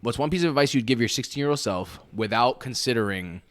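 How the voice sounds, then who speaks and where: A man's voice: medium pitch, animated, quick pace, dry recording. A young man co-hosting a podcast in casual chat, loose and profane with street slang. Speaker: podcast co-host.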